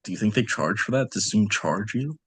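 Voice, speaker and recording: A man's voice: lowish voice, expressive, brisk, a bit bright, husky. A young man co-hosting a podcast, chatting casually about a movie, laughing often and leaning hard on "like.". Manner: laughs often, heavy use of "like", swears casually. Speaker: podcast co-host. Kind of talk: casual movie review chat.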